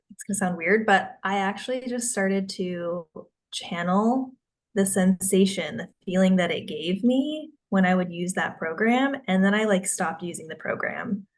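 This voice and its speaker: A woman guest in a casual chat who rambles, packing her talk with filler words and restarts. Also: mid-range voice.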